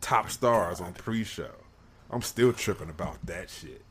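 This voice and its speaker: A man's voice: low voice, a little slow, breathy edge. A young man co-hosting a casual podcast, laid-back and slangy, often exasperated. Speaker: podcast co-host. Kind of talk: casual wrestling podcast chat.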